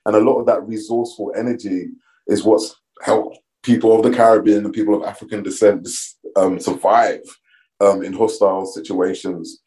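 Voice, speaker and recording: Male guest, middle-aged, warm lowish voice, measured and reflective. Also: steady tone, rough recording. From London, England. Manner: measured, reflective storytelling with frequent ums. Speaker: podcast guest. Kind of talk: casual interview conversation.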